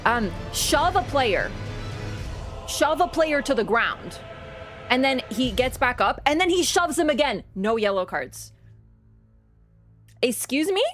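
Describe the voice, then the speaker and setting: A woman's voice: high-pitched, unhurried, soft background music. A young woman streaming a game, chatting casually and ranting with lots of fillers and swearing. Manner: animated, swears freely, rants with many fillers. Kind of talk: casual livestream chat.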